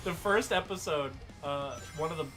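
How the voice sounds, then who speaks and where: A man's voice: on the high side, moderate pace. A man co-hosting a casual gaming chat show, joking and laughing as he rambles. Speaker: podcast co-host. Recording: music playing behind.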